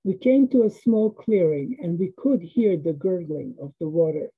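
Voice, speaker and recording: An older woman telling a personal story slowly and vividly, acting out the dialogue. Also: lowish voice, breathy edge. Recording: tinny phone-like sound.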